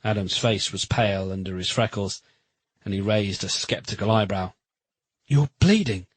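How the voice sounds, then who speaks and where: A man reading a romance novel aloud in first person, steady and measured. His voice is slightly husky and the recording is dry and close. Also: deep voice, dry recording, low-quality recording. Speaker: audiobook narrator.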